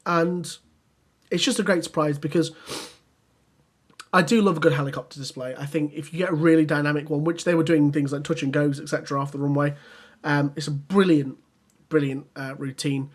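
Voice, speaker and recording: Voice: mid-range voice, fairly even intonation, a little fast. A podcast co-host chatting casually and enthusiastically, with many ums and restarts. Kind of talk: casual chat.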